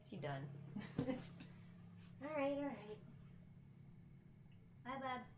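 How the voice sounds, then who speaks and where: Slow-talking woman streamer chatting casually. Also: sits high, big pitch swings, a little mellow, faint music behind. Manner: chatty, laughs often, coos at her pet. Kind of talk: casual live-stream chat.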